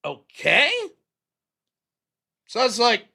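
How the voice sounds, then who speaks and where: A middle-aged American man hosts a late-night stream and tells an embarrassing story in a loose, profane way, laughing as he goes. His voice is bright and his pitch swings widely. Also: normal speed. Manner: profane, animated, laughs often. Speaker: livestream host. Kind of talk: casual storytelling.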